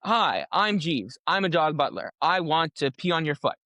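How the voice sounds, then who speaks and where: A man voicing a polite, eager-to-please dog butler persona in a slow, formal, cheerful manner, close to his own voice. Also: fairly high pitch, big pitch swings, sharp tone, dry recording. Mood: politely eager.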